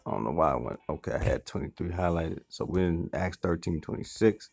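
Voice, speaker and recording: Gravelly low-voiced man teaching scripture. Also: lively intonation, a little fast, a little mellow, soft background music. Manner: explains word by word, repeats and restarts phrases; checks in with the listener with "okay" and "you see". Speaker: Bible teacher. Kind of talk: informal Bible study teaching.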